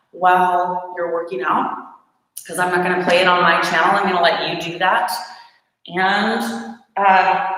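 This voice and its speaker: Woman, fitness instructor, bright edge, slightly rough morning voice, chatty with ums, recorded in a reverberant room. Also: medium pitch. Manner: chatty and encouraging, frequent ums. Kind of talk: live-streamed workout class instruction. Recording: very echoey room with long reverb.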